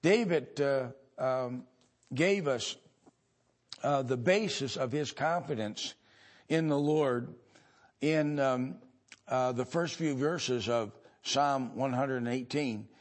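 A male pastor from the United States preaching a sermon, halting and pausing often with many fillers, building to louder emphatic stretches. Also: mid-range voice.

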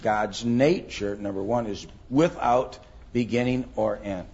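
A man's voice: medium pitch, a little slow, a little mellow, highs cut off. A middle-aged man teaching a Bible class, thinking aloud with many ums and rhetorical questions.

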